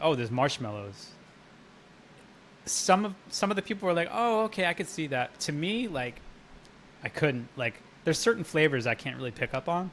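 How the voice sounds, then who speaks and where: A man's voice: medium pitch, fairly bright tone, slight background noise. A man chatting casually on a live brewing stream, rambling and swearing freely as he tells stories and answers chat. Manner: rambling, profane, laughs while telling stories.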